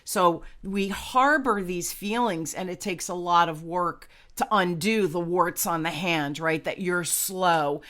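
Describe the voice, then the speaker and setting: This is a woman in her fifties recounting her own story on a podcast. Her voice sits on the low side for a woman. She talks in a lively, chatty run, circling back with rhetorical asides. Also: slow, hardly any pauses. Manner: chatty, animated, peppered with rhetorical "right?". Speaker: guest. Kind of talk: candid personal storytelling.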